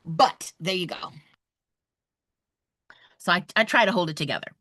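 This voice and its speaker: A woman, running a live online review for a real estate exam, chatty and animated as she talks straight to her viewers. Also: on the low side, moderate pace, no room sound, studio quality.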